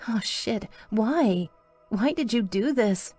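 A woman's voice: on the high side, animated, takes it slowly, darkish tone, slightly rough, soft background music, voice pushed up, exaggerated voice. A woman voicing a heartbroken teenage girl, pleading and near tears. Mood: distraught.

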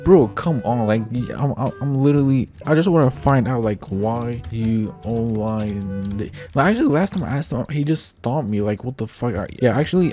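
A man giving excitable, stumbling gameplay commentary as a gaming video host, swearing often and repeating his words. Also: medium pitch, normal speed, hardly any pauses, soft background music. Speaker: gaming YouTuber.

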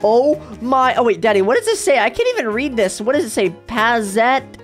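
A woman gamer giving let's-play commentary, excitable and full of squeals and exclamations. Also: fairly high pitch, moderate pace, soft background music.

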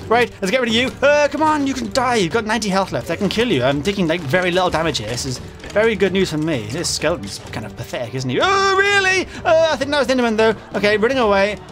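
Panicky game commentator, male, raised voice going hoarse, soft music under him. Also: high voice, lively intonation, fast talker. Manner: jumpy, swings from mumbling to panicked yelling; frequent fillers and self-corrections. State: voice getting hoarse. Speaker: gaming channel host. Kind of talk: Minecraft modpack let's play commentary.

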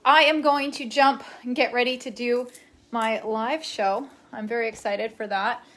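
A woman's voice: a little high, fairly even intonation, unhurried, a bit bright. A young woman live-streaming in casual chat, rambling along and reading viewer comments aloud.

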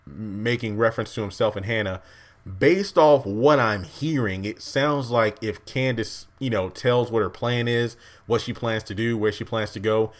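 A man recapping a TV episode in an excited, rambling, emotional way, addressing his viewers directly. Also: medium pitch. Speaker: TV show recap vlogger.

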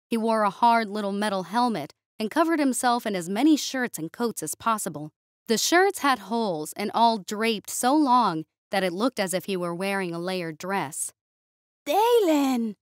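A woman reading a sci-fi story aloud in steady, expressive narration. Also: medium pitch, moderate pace, no room sound, clean studio sound.

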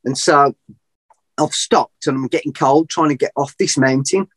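Man, middle-aged, animated storyteller, fairly high voice, dry close sound. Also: moderate pace, dry recording. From England. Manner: animated, rambling, laughs at his own story. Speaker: podcast guest. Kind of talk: casual storytelling.

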